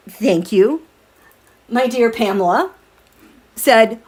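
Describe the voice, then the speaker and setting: Chatty high-voiced woman hosting a livestream. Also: measured pace. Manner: chatty, animated, laughs often, reads viewer comments aloud. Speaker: tarot livestream host. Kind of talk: casual livestream chat with viewers. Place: home, at night.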